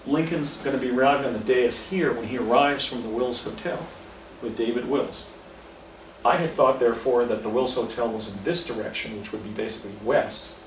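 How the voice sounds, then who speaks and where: A man in his fifties tells a story outdoors at a historic site, rambling and correcting himself as he points things out. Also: mid-range voice. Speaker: speaker recounting an experience. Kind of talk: casual storytelling on location. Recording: distant, echoey, faint outdoor noise.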